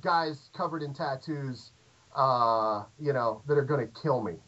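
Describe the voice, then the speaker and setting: A middle-aged American man telling a long, animated anecdote in casual chat, with lots of fillers and restarts. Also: medium pitch, a little slow. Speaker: podcast guest. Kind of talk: casual storytelling. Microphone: remote call audio. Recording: dull lo-fi call audio.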